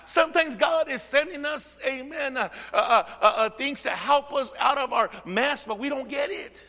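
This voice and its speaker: A man preaching a sermon as pastor, calling out amen and drawing the congregation in, swinging from shouting to a near whisper. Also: extremely high pitch, moderate pace, big-room sound. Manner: peppers speech with amen and call-and-response. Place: church sanctuary.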